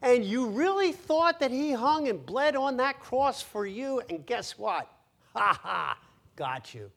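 A man's voice: very high voice, very animated, slow pace, vocal fry, a bit bright, pitched above the performer's own voice, full character voice. A man voicing a mocking, gloating male devil who taunts with cackles.

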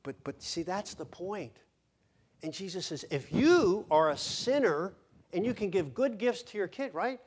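A man's voice: sits high, animated, unhurried, husky. A man preaching a sermon as pastor, emphatic, repeating words and asking the congregation questions. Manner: emphatic, repeats words when stressing a point.

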